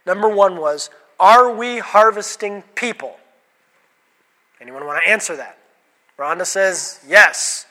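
High-pitched and bright, the pastor speaks slowly yet forcefully as he leads an interactive sermon. He asks the congregation questions and calls on people by name, and the room carries hall reverb.

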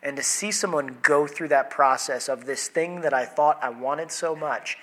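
A man's voice: fairly high pitch, normal speed, fairly bright tone, low-quality recording. A man in his thirties preaching a sermon in a church, chatting playfully with the congregation. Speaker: pastor. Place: church sanctuary.

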